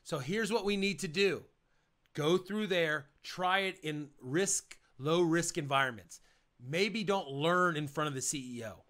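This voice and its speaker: A man teaching project managers how to present, talking casually and energetically, switching between quick rambling and slow, emphatic lines. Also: fairly high pitch, fairly bright tone. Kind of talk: casual motivational lesson.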